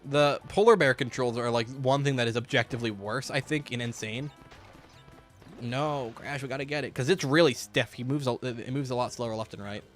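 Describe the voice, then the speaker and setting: A man's voice: mid-range voice, fairly quick, soft background music. A man giving casual, rambling commentary while streaming a game, joking and swearing freely, in a hot room at home.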